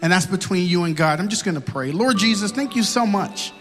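A man's voice: sits high, animated, brisk, a bit bright, in a large hall, soft background music. A man preaching and leading an altar-call prayer, building into impassioned, repetitive pleading. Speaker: pastor.

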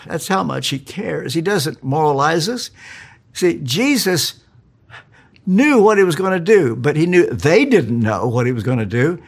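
A man's voice: fairly high pitch, slightly rough. A man preaching a sermon, earnest and storytelling, asking rhetorical questions.

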